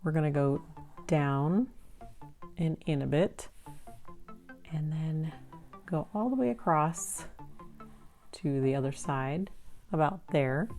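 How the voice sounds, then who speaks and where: A woman giving a patient, gentle step-by-step drawing lesson for kids. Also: deep voice. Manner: slow, patient, gentle instructions. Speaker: art teacher.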